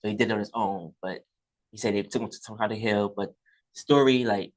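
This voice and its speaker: A podcast host retells stories at a quick pace. His voice is low, and his manner is relaxed and rambling. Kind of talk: casual chat.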